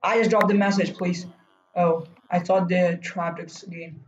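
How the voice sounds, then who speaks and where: A man giving live commentary while streaming a game, urging himself on and breaking into loud whoa and no cries. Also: high voice, level tone, moderate pace, echoey room, lo-fi sound. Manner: talks to himself and urges teammates on. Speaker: gaming streamer.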